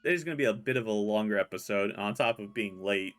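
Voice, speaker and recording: A man's voice: on the low side, fast, fairly bright tone, soft background music. A man hosting a casual gameplay video, chatting loosely as he plays. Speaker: gaming channel host. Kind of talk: casual Let's Play commentary.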